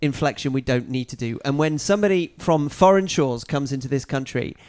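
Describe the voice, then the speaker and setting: A man's voice: medium pitch, expressive, fairly quick, a little mellow, clear, resonant tone. A man hosting a podcast, talking earnestly in casual chat. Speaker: podcast host.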